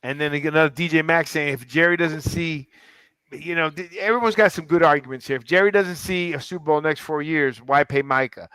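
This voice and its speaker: A man hosts a casual sports talk show, rambling and animated with plenty of restarts. His voice is somewhat high and very bright. The recording is dry and close. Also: a little fast, smooth, no echo. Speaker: podcast host. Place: club in downtown Fort Lauderdale.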